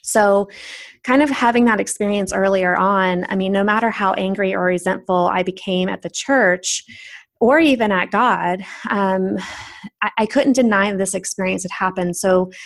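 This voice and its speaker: A woman's voice: medium pitch, normal speed, no room sound. A young adult woman candidly reflecting on her spiritual journey in an earnest personal monologue. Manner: earnest, candid, with soft laughs and restarts. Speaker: speaker sharing a personal spiritual story.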